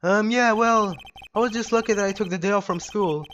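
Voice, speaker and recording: A man voicing a naive, loud, goofy adult friend in a game let's play. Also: high-pitched, a little fast, highs cut off, a little hiss or hum, voice pushed up. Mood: flustered.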